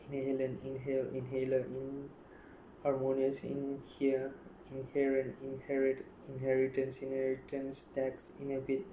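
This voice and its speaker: A man reading dictionary words aloud one after another, in a flat listing manner with frequent stumbles and restarts. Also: medium pitch, echoey room, a little hiss or hum, low-quality recording. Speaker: youtuber.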